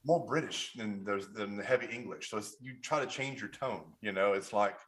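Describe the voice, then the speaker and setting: A man's voice: lowish voice, moderate pace. A man from Kentucky with a Kentucky accent, a photographer telling stories as a podcast guest, restarting sentences and acting out what people said. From Kentucky, USA. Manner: animated storyteller, restarts often, acts out quotes. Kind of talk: casual interview chat.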